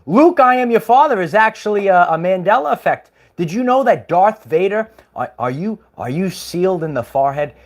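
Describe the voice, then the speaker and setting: Higher-voiced man, casual rambling livestream host, chuckles often. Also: animated, moderate pace, hardly any pauses. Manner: rambling, chuckling, many fillers.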